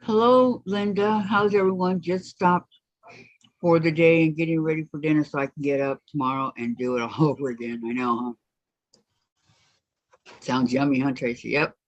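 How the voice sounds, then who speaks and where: A woman's voice: low voice, normal speed, dry recording. A woman hosting a casual craft livestream, reading viewers' chat comments aloud and answering them. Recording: dull lo-fi stream audio.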